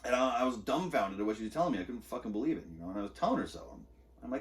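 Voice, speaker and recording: Far from the mic, a man with a mid-range voice talks very fast and animatedly. He's a podcast host sharing a candid, agitated, profane personal story about an argument.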